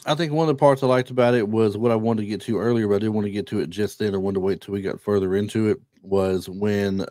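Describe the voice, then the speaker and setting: A man hosting a podcast in casual chat, easygoing and hesitant, with many pauses. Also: fairly low pitch, steady tone, dark tone, dry recording. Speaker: podcast host.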